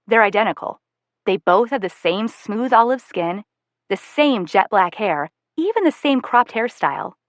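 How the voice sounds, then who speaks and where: A woman's voice: medium pitch, a bit bright, no echo. Casting: female audiobook narrator, first-person novel, wry and conversational, dry close sound. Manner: wry, self-aware, conversational.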